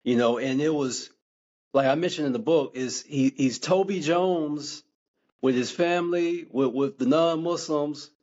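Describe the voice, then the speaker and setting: A man being interviewed as an author, talking in a measured, reflective way with many "you know" asides. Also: fairly high pitch, darkish tone, lo-fi sound. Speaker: guest author.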